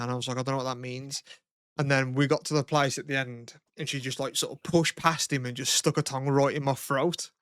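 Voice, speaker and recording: A young man co-hosts a podcast in loose, rambling chat, swearing freely and laughing easily. His voice is smooth and resonant. The sound is close and dry. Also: mid-range voice, no echo. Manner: rambling and profane, laughs often. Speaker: podcast co-host. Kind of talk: casual chat.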